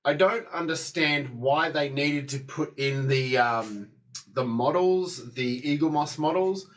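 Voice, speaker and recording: A man's voice: a little high, slow. A man giving a casual spoken review of a TV episode, rambling, with many fillers and restarts.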